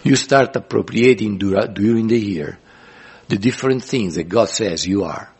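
A man's voice: lowish voice, moderate pace, darkish tone, slightly rough. A man pastor teaching a sermon in an earnest, repetitive way, often restarting phrases.

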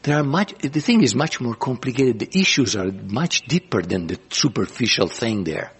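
A man's voice: medium pitch, animated, normal speed, slightly rough. A man pastor teaching a sermon in an earnest, repetitive way, often restarting phrases.

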